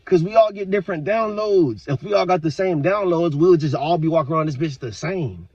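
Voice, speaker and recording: A man talking straight to his viewers in a casual, profane, rambling rant, with sudden loud outbursts. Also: a little high, a little fast, no room sound, dull audio. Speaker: vlogger. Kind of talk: casual monologue to camera.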